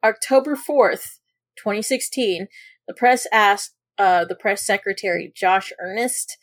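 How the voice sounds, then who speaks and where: A woman's voice: medium pitch, unhurried, dry recording. A woman hosting a casual podcast, chatting and reading news reports and quotes aloud. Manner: conversational, reads quotes in a put-on official voice. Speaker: podcast host.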